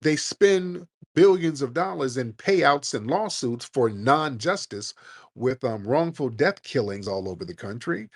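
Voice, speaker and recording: Brief: man, call-in show host, blunt, combative, profane, mid pitch. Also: animated, measured pace. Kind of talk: heated live call-in debate.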